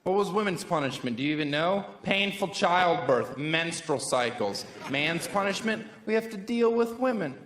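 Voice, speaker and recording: A male comedian works the stage with a punchy, sarcastic, playful delivery. His voice sits a little high and swings widely in pitch. The room is echoey, and a loud audience fills the background. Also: animated, normal speed, few pauses, slight background noise. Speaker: stand-up comedian. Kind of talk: live stand-up comedy. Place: live comedy venue on stage.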